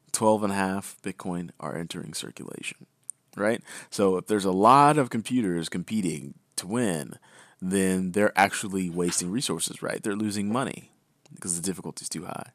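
A man with a fairly low voice co-hosts a podcast, recorded dry with studio quality. He reads news headlines, then explains them loosely in casual chat, often tossing in "right?"

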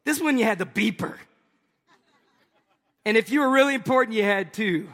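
A pastor from Tennessee, telling an animated, jokey story to his congregation in a sermon. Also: high voice, a little fast, in a large hall. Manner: animated, jokey, talks to the crowd.

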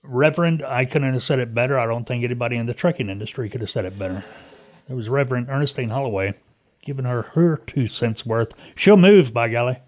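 A man's voice: medium pitch, quick pace. Folksy man hosting a trucking podcast. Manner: folksy, chatty. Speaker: podcast host. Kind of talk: casual podcast commentary.

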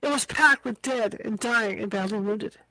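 A woman's voice: fairly high pitch, normal speed, pushed and bright, no echo, low-quality recording. A woman reading a book aloud as an amateur reader, tripping over hard words and slipping in casual asides. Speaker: audiobook reader.

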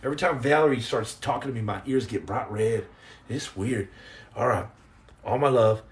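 A middle-aged man hosting a casual live stream, jumping between jokes and shout-outs to the chat. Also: mid-range voice, moderate pace.

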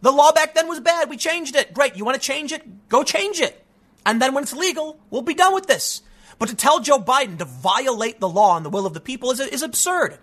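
A man with a high, bright, forceful voice delivering opinionated commentary on the news. He argues emphatically, stumbles into restarts and keeps tossing in "man" as he presses his point. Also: expressive, fairly quick. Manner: emphatic, argumentative, repeats "man", frequent restarts. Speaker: political commentator.

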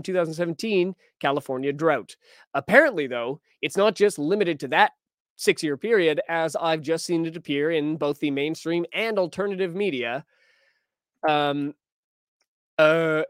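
A man's voice: fairly high pitch, no echo, studio quality. A man hosting a news podcast, talking casually and wryly as he reads and reacts to headlines and posts. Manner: conversational, wry, reads quotes aloud.

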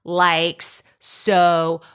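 A woman's voice: lowish voice, completely flat delivery, drawn-out words, a bit bright, clear, resonant tone. Chatty woman podcast host, casual advice. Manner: chatty, uses many filler words like "like" and "so".

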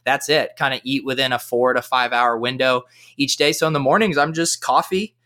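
A man's voice: steady tone, fairly quick, pushed and bright. A man speaking as a guest on a podcast, talking with lots of energy and eagerness in casual chat. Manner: high-energy, eager talker.

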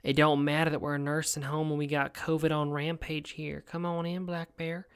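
A man's voice: on the high side, flat delivery, moderate pace, clear, resonant tone, pitched above the performer's own voice, natural voice. A man putting on a drawling Southern nursing home lady. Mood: welcoming.

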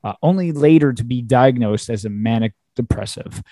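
A man's voice: mid-range voice, moderate pace, dark tone, no echo. A man hosting a podcast, upbeat and chatty, laughing often. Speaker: podcast host. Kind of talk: casual podcast chat.

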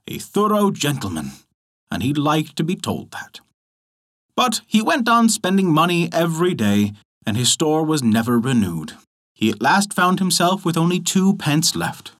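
Give me an animated male storyteller reading a fairy tale, with a lively, rising and falling voice. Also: a little high. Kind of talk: folk tale narration.

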